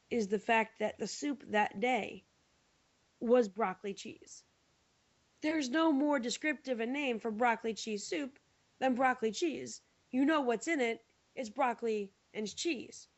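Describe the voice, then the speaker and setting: A woman co-hosting a podcast, telling a long story in casual chat with lots of fillers, tired. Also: fairly high pitch. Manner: rambling, animated storytelling with many fillers. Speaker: podcast co-host. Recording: dull lo-fi podcast audio.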